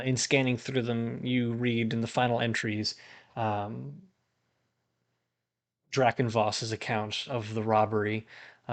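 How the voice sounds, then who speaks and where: A man running a tabletop game stream, narrating scenes in an unhurried, hesitant way. His voice is gravelly and sits in a middle range. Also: medium pitch. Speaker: game master.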